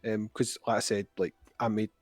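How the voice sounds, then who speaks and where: A man's voice: fairly low pitch, little pitch movement, moderate pace, a little mellow, dry recording, faint music behind. Chatty Scottish man, dry sound. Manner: chatty, laughs easily. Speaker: podcast guest. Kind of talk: casual chat.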